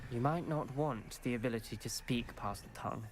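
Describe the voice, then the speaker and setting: A man's voice: medium pitch, fairly quick, slight background noise, close to an everyday voice. A man playing a grave young wizard student. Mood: solemn.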